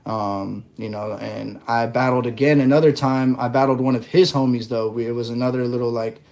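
A man guesting on a podcast, telling his story in a relaxed way with lots of fillers. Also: medium pitch, brisk. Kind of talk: casual interview chat.

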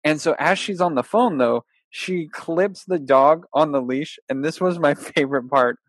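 Man, casual chat, animated storyteller, acts out quotes, laughs often, dry close sound. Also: on the high side, moderate pace, no echo.

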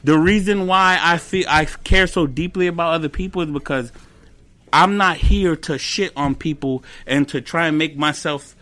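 Speaking at normal speed in a slightly high voice, this twentysomething comedian swaps animated stories as a guest on a laid-back podcast, mixing in slang, profanity and some Spanish.

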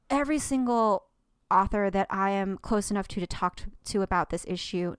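A woman's voice: medium pitch, clear, resonant tone, no room sound. A woman in her thirties co-hosting a podcast, talking earnestly and at length with many restarts. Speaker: podcast co-host. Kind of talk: casual podcast chat.

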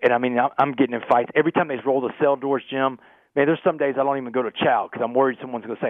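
A man telling a gripping personal story as a podcast guest, animated and peppering his talk with "man". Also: medium pitch, dry recording. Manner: fast, animated storyteller, keeps saying "man". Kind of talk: storytelling interview. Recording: tinny phone-like line.

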